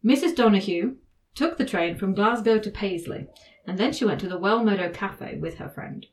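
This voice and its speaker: A woman's voice: mid-range voice, normal speed, darkish tone. A woman hosting a casual podcast. She talks in a chatty, easygoing way and laughs often as she walks through a legal case. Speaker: podcast host.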